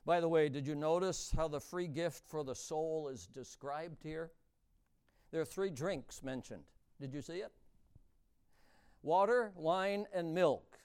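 Dramatic high-pitched male preacher, smooth. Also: unhurried. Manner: dramatic, swings between hushed and booming, stretches key words. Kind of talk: sermon.

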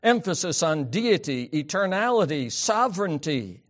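A man preaching a sermon, swinging from loud emphatic peaks down to soft, quiet asides. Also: on the high side, big pitch swings, normal speed. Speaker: pastor.

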